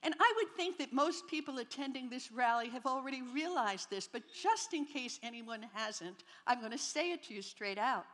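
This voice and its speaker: A woman's voice: sits high, lively intonation, normal speed, few pauses, fairly bright tone. A woman in her seventies from New Jersey, giving a humorous, candid faith testimony at a rally. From New Jersey, near New York City. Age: 70s. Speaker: speaker at a Christian rally. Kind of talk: personal faith testimony to an audience. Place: large hall at a rally. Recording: long reverb of a large hall.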